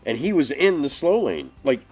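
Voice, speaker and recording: A man on a casual live stream, telling road stories in an animated way and swearing a lot. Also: mid-range voice, normal speed, husky, soft background music. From northeastern US. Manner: animated storytelling, heavy swearing. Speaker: podcast co-host.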